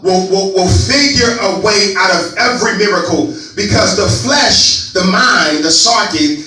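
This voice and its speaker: A man's voice: high voice, unhurried. Man preaching in an echoey church. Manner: builds to emphatic, shouted passages with folksy asides. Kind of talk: sermon. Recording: echoey hall, mic at a distance, soft music.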